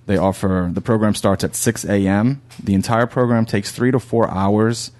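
A man with a fairly low voice co-hosts a relaxed podcast. He reads a listener's email aloud and then runs through tour details and prices in an easy, matter-of-fact way. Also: normal speed. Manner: reads listener mail and lists details plainly. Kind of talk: casual podcast chat.

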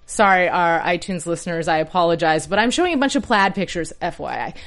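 A woman's voice: on the low side, lively intonation, fast, fairly bright tone, soft background music. A woman hosting a casual TV recap podcast, chatty and playful, wandering off into jokey tangents. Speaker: podcast host.

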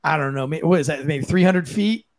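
A man's voice: a little high, fairly quick. A man and former police officer giving blunt, profane, impassioned commentary on a podcast. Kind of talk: heated opinion commentary.

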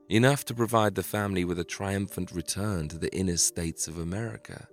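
A man narrating a scripted historical story in a measured, dramatic way. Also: deep voice, soft background music.

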